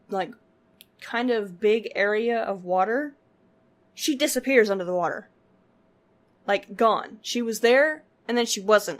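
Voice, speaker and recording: Chatty woman vlogger telling a story. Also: medium pitch. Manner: chatty, laughs often, full of "like" fillers. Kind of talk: casual storytelling vlog.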